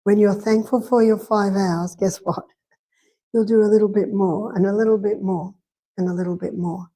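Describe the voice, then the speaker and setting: In a church hall, an Australian woman in middle age gives a live talk on health at a moderate pace. Her voice is mid-range and dark, with fairly even intonation, and she stays conversational, repeating points and telling anecdotes.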